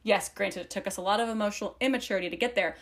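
A woman's voice: mid-range voice, rapid-fire. A young woman co-hosting a book podcast, talking casually with frequent fillers. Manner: chatty, fillers like "like".

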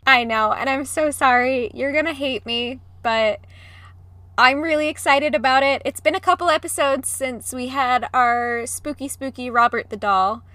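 A woman's voice: high-pitched, normal speed, pushed and bright, no echo. A young woman co-hosting a casual podcast from home over a video call, bubbly, giggling and apologetic. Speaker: podcast co-host. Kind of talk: casual chat. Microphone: close podcast mic.

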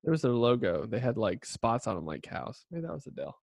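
A chatty male podcast host and former youth pastor, rambling with plenty of fillers and self-mocking jokes. He sits close to a cheap budget mic in a dry, deadened space with no room echo. His voice has a middling pitch. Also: sing-song, brisk, vocal fry, darkish tone. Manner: rambling, self-deprecating, many fillers and laughs. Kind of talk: casual chat and scripture reading.

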